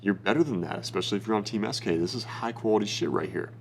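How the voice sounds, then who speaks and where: Young man, lowish voice, blunt swearing dating coach, casual bro talk. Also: fast, gravelly, slight background noise. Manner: blunt, profane, bro-ish. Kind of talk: casual advice monologue.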